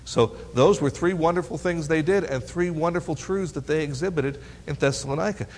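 A man's voice: a little high, fairly quick. Man preaching in a reverberant hall. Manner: asks the audience questions, teasing and lively. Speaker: preacher teaching teens. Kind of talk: Bible teaching sermon.

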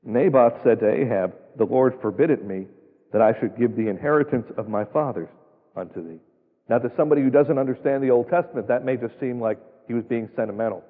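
Folksy, emphatic male preacher, husky, heard through a long church echo. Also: mid-range voice, brisk. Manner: folksy, emphatic, rhetorical questions. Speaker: pastor. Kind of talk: sermon. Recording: tinny phone-like sound, long hall reverb.

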